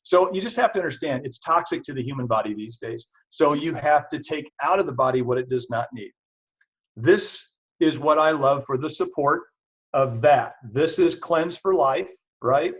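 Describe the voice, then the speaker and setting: A man with a husky, slightly breathy voice talks to a live audience in a chatty, self-deprecating way, pitched a little high for a man. The sound is dull and lo-fi. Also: moderate pace. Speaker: chiropractor presenting products. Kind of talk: casual product talk to an audience. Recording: dull lo-fi recording.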